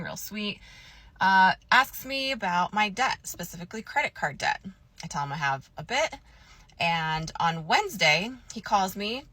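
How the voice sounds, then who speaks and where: A woman casually recounting her own story in a chatty, animated way, often acting out both sides of conversations. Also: mid-range voice.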